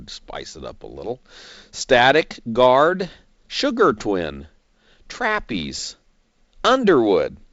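Folksy, lively-voiced male investing commentator. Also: medium pitch, slow pace, dry recording, dull audio. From California, United States. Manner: folksy, chatty, jokes as he goes. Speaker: stock market commentator.

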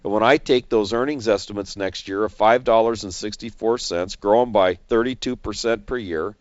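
A man managing investments, talking through a stock in measured commentary that leans on figures and numbers. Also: lowish voice, no echo. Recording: dull, slightly lo-fi dry recording.

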